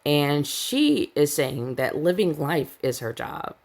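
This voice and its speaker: A woman's voice: deep voice, sing-song, takes it slowly, vocal fry. A woman hosting a celebrity gossip channel, reading news quotes aloud and breaking off with sarcastic asides in a casual commentary style.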